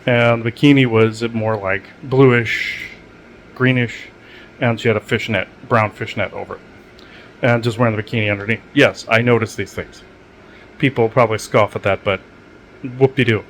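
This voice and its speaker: A man's voice: medium pitch, steady tone, normal speed, pauses often, slight background noise. Rambling man with lots of ums. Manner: meandering, many fillers and restarts; matter-of-fact about odd experiences. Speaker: channel host. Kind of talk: rambling casual monologue.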